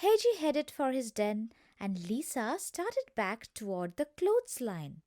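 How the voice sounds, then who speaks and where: A woman narrating a school play in a slow, lilting storytelling manner. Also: on the high side, wildly swooping pitch, mellow, dry recording, studio quality.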